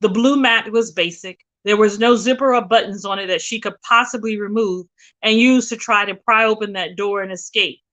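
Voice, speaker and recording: A woman reading a novel aloud with expressive, dramatic storytelling. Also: mid-range voice, moderate pace, rough recording. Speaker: reader.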